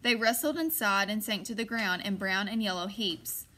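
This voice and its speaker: A woman narrating a first-person audiobook in a measured way, slowing on suspenseful moments. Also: medium pitch, sharp tone.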